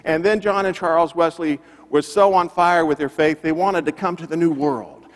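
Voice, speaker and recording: A man's voice: a little high, steady tone, moderate pace. A male pastor preaching a sermon, emphatic and building his points through repetition. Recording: long reverb of a church hall.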